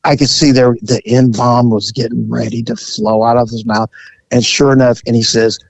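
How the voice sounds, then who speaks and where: A man's voice: mid-range voice, fairly even intonation, normal speed, creaky, dry recording, muffled recording. A man, a police officer, telling a story in a laid-back, profane, chuckling way. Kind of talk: casual storytelling.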